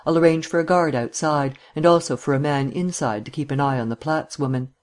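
A man narrating a detective novel in a measured, even reading voice, lightly voicing the characters. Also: a little high. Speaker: audiobook narrator.

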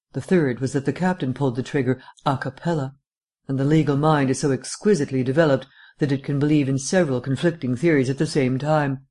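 A man voicing a languid, foppish gentleman detective with a drawling, affected upper-class wit. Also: mid-range voice, lightly acted.

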